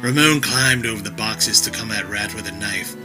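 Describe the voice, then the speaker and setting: A man narrating an action story in a vivid, expressive storytelling manner. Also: fairly low pitch, moderate pace, music in the background, poor audio.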